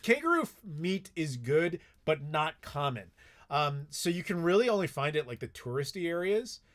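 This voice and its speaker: A man's voice: on the high side, big pitch swings, moderate pace, fairly bright tone. A man casually answering viewer questions on a live stream, rambling and swearing freely with lots of filler words.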